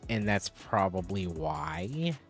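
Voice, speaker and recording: A man's voice: sits low, big pitch swings, takes it slowly, faint music behind. A man chatting casually on a live stream, rambling as he answers viewers' chat.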